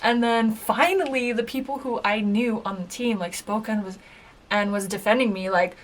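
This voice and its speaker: A woman recalling her time as a game show contestant in a casual reaction video, chatty and full of filler words, sometimes dropping to a soft whisper. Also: mid-range voice, normal speed. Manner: chatty storytelling, lots of filler "like".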